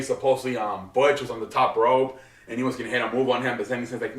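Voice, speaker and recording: A man's voice: medium pitch, fairly even intonation, brisk, a bit bright. A man giving a casual, rambling recap as host, with lots of filler words and swearing. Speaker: wrestling show recap host. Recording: roomy echo, distant from mic.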